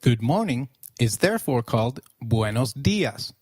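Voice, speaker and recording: Man teaching a slow, clear lesson. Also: mid-range voice, big pitch swings, a little mellow, no echo, clean studio sound. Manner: slow, clear instructional delivery with pauses for repetition. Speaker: language teacher. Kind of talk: scripted language lesson.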